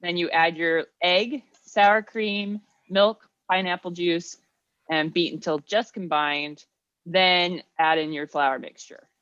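A woman's voice: fairly low pitch, steady tone, takes it slowly, a bit bright, dry recording, highs cut off. A woman co-hosting a podcast, chatting casually while she cooks and explains the steps plainly, with some hesitant restarts. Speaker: podcast co-host. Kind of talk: casual chat while cooking.

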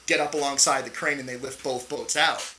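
A middle-aged man with a very bright, forceful voice tells a tense story from his Navy years, animated and swearing freely. He keeps checking in with "right?" as he goes, over a faint hiss of background noise. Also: medium pitch, fairly quick, poor audio. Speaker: podcast guest, Navy veteran. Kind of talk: storytelling in a casual interview.

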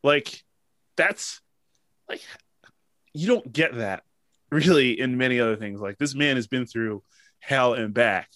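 A man's voice: mid-range voice, unhurried, pauses often, no room sound. A man hosting a casual podcast chat, telling stories emotionally with lots of fillers. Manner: emotional, animated storytelling with many fillers. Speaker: podcast host.

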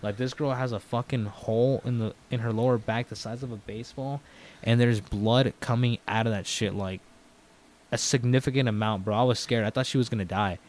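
A young man on a podcast tells a story fairly quickly in a mid-range voice. The talk is casual and energetic, full of swearing, with him acting out what others said.

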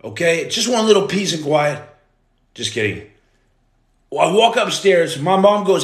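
Animated man hosting a live stream. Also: fairly high pitch, moderate pace, long pauses. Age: 40s. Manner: animated, greets viewers, loud outbursts. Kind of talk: casual live-stream chat. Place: room at home. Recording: echoey room.

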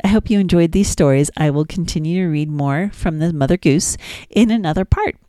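Woman, low voice, warm mellow tone, sing-song nursery rhyme reading, dry close sound. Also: a little fast, no room sound. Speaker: children's podcast host.

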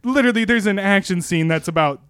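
A young man tells a movie plot in a loose, sarcastic ramble and keeps breaking into laughter. His voice sits a bit high, and the recording is dry and close. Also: fast, fairly bright tone, smooth, no room sound. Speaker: podcast panelist pitching a movie. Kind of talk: casual movie-recap chat.

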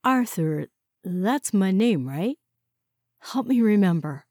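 A gentle, polite man grows bewildered in a storybook reading, as a woman narrator gives him voice. The sound is dry and close. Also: medium pitch, expressive, slow, dry recording. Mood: alarmed. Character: gentle, confused heavyset man Phil.

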